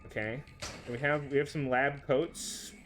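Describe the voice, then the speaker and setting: A man's voice: mid-range voice, steady tone, a little slow. A young man with an ordinary mid-range voice, trading playful, boastful banter while co-playing a game. Faint game music runs behind him. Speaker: co-player. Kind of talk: casual gameplay chat.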